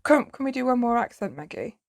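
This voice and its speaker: A bubbly English woman on a podcast teases her friends and breaks into gasps and laughter. Her voice is very high. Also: big pitch swings, a little fast, vocal fry. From England. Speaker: podcast co-host. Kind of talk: casual chat among friends.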